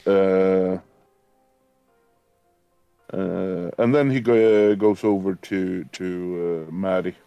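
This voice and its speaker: Brief: male tabletop player, slow and hesitant, dry sound. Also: sits low, steady tone, gravelly, warm tone, clean tone, dry recording, dull audio, faint music behind. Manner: hesitant, with many fillers. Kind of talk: narrating his character's actions.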